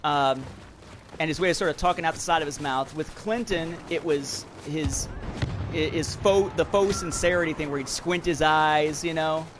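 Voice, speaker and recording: A man's voice: on the high side, moderate pace, noisy background. A man in his thirties hosting a livestream podcast, chatting with viewers while playing a shooter game. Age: 30s. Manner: rambling, talks to chat while playing a shooter. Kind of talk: casual chat while gaming. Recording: loud game sounds behind. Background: shooter game audio.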